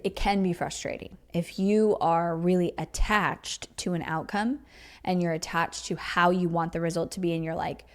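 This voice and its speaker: Chatty woman podcast host, fairly low voice. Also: darkish tone. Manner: chatty, riffs off the cuff with many likes and you-knows; emphatic teaching tone. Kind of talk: casual solo podcast talk.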